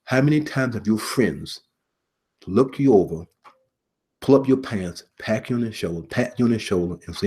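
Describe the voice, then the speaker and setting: A middle-aged man, formerly in law enforcement, delivering an earnest sermon-style message with repetition and pauses. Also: lowish voice, lively intonation, mellow, slightly rough. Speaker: preacher, former police officer.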